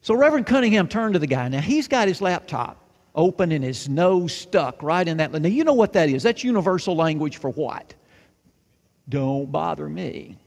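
A man preaching a sermon, telling a story with lively acted-out dialogue and hushed moments. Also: sits high, brisk. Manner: animated, acts out dialogue, drops to hushed tones. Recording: long reverb of a large hall.

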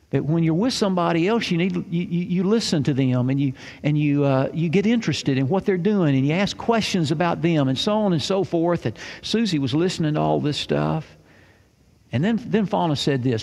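Earnest folksy male preacher, gravelly voice. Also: on the high side, expressive, normal speed, a little mellow. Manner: earnest, folksy, repeats phrases for emphasis. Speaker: pastor. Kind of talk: sermon with storytelling. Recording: long church hall reverb.

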